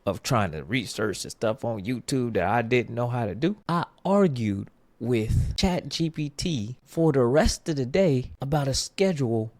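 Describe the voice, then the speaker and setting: A man presenting a scripted motivational vlog with self-help advice, animated and self-mocking, with playful asides. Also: mid-range voice, a little slow, no echo.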